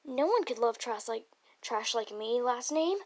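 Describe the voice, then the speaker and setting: A gloomy young man who calls himself worthless and pines for someone, as a woman reading a fanfic puts him on. The voice sits a little high and carries a gravelly fry, and the delivery is halting. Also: fairly even intonation. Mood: despairing. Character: self-loathing young man, lovesick and gloomy.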